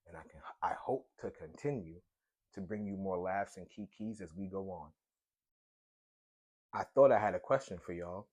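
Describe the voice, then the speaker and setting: A man's voice: deep voice, no room sound. A man in his thirties from Brooklyn with a Brooklyn accent, hosting a solo podcast in a loose, slangy, profane riffing chat. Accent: Brooklyn New York. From Brooklyn, New York. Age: 30s. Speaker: podcast host.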